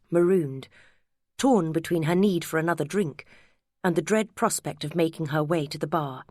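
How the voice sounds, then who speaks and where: A woman narrating an audiobook in a measured, wry storytelling manner, close to the mic. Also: lowish voice, a little mellow, no echo. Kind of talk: scripted narration.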